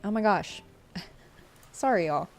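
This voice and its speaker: A young woman, chatting on her live stream. She is tearful, halting and apologetic, with lots of fillers. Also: mid-range voice, expressive. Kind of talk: casual live-stream chat.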